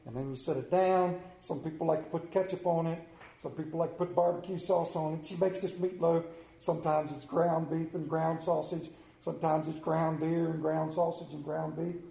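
A man's voice: a little high, fairly even intonation, normal speed, gravelly, dark tone, reverberant. A man preaching a sermon in a church, telling a folksy story and asking the congregation questions. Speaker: pastor. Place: church sanctuary.

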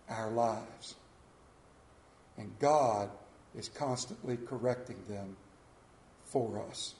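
A man preaching a sermon as pastor, swinging from hushed lines to loud ones. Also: mid-range voice, slow pace, pauses often, roomy sound, a little hiss or hum.

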